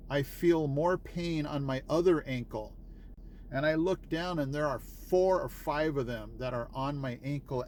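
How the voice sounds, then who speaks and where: A man's voice: a little high, darkish tone, a little hiss or hum. A man vlogging, telling a personal story in a casual, rambling way with many fillers and restarts.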